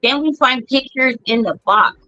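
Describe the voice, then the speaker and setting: A woman's voice: high-pitched, moderate pace, bright, forceful tone, no room sound, soft background music. A middle-aged woman hosting a podcast, telling family stories bluntly with plenty of swearing. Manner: blunt, profane storytelling. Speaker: podcast host. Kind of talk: casual chat. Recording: dull lo-fi sound.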